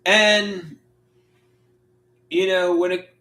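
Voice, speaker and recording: Halting man in an echoey room. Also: high-pitched, little pitch movement, pushed and bright. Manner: halting, reflective, frequent "you know" fillers. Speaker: livestream host. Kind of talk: live solo stream monologue.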